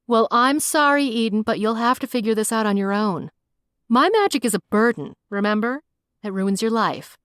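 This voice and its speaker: Audiobook role: a petty witch mother, sarcastic and dismissive, pitched up high, read by a woman. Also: expressive, moderate pace, a bit bright, smooth, no echo, clean studio sound. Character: petty, cold middle-aged witch mother.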